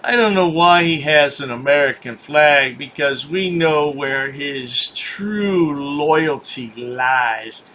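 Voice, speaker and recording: A man's voice: fairly high pitch, slow, hardly any pauses, pushed and bright, slight background noise. A man hosting a commentary channel, mocking a news story in a sarcastic, scornful way and repeating his points for effect.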